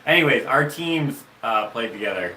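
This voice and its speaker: A man's voice: mid-range voice, animated, normal speed, sharp tone. A man casually telling stories on a livestream, rambling and restarting his sentences. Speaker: livestream host. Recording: roomy, distant mic with faint noise.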